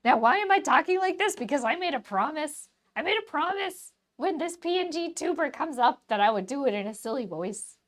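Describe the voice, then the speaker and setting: This is a cartoon frog wired on coffee, squeaky and loud, voiced by a woman in a silly put-on voice. It talks in excitable, bouncy bursts. The sound stays playful and goofy throughout. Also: fairly quick, hardly any pauses. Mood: giddy. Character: hyper over-caffeinated cartoon frog. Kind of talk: live-stream silly voice.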